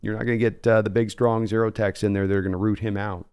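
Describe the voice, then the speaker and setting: A man's voice: on the low side, level tone, fast talker, a little mellow, clear, resonant tone. A man hosting a live draft reaction stream, breaking down prospects analytically in a casual way and reading out viewer comments. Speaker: host.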